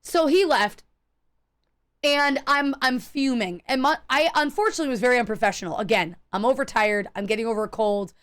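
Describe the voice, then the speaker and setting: A woman streamer chatting casually while gaming, telling stories in a profane, animated way and acting out the people in them. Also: a little high, brisk, clean tone. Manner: acts out quoted people in her stories.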